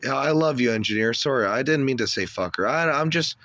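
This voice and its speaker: A man hosting a comedy skit, high on cannabis and ranting in a rambling, profane way with loud outbursts. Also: animated, brisk, dry recording. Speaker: host. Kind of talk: stoned comedy rant.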